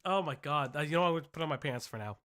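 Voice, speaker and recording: A woman's voice: low voice, animated, very fast, fairly bright tone. A woman hosting a commentary stream, talking bluntly and swearing often. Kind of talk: casual commentary.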